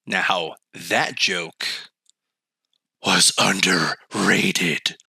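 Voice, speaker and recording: A man's voice: low voice, extremely slow, vocal fry, breathy edge, dry recording. A young man co-hosting a podcast, joking in casual chat on a close mic. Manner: joking, animated, laughs a lot. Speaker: podcast co-host.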